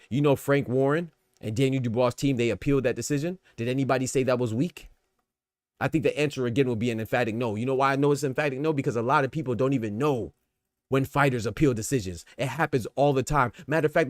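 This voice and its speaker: A man's voice: mid-range voice, no echo, studio quality. Slangy American man riffing on boxing. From United States. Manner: streetwise slang, rhetorical questions, repetitive emphasis. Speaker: boxing podcast host. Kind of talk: casual livestream commentary.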